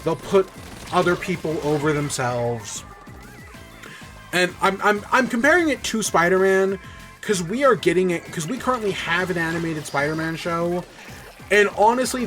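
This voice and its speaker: A man hosting a podcast, enthusiastically recapping a cartoon episode in a rambling, casual way with frequent fillers and swearing. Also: a little high. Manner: excited, rambling, swears freely. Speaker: podcast host.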